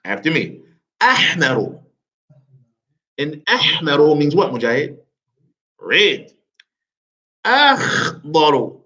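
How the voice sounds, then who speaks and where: A man teaching a grammar class, leading the room through call-and-response and tossing in the odd joke. His voice is on the high side and bright, with a pitch that jumps around a lot. The recording is dull and lo-fi. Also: lively intonation, measured pace, long pauses. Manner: drills the class with call-and-response, keeps asking "what?"; joking asides. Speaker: Arabic teacher.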